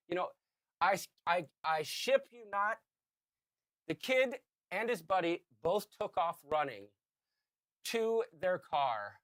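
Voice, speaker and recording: Animated fifty-something man telling a story. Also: sits high, moderate pace, dry recording, clean studio sound. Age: 50s. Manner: animated storyteller, shouts acted quotes. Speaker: podcast co-host. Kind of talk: casual storytelling chat.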